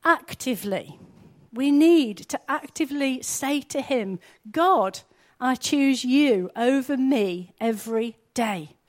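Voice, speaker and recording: A high-voiced woman delivers an earnest sermon in a conversational tone. She often puts questions to her listeners. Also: expressive, slow pace, few pauses, a little mellow. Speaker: preacher.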